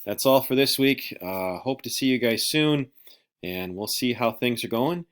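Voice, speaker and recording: A man's voice: medium pitch, measured pace. A male teacher going through a vocabulary list for his students, joking and teasing in a loose, offhand way.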